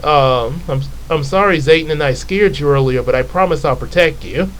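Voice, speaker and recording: A man voicing an earnest young male comic hero who talks gently and apologetically. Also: on the high side, normal speed, a little hiss or hum, natural voice, low-quality recording. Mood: apologetic.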